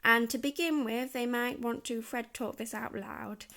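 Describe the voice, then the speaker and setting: A woman teacher walks parents through phonics at a slow, careful pace. Her voice sits a little high, with a gravelly, creaky edge. She sounds out each letter patiently. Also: fairly even intonation, bright, forceful tone. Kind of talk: instructional walkthrough for parents.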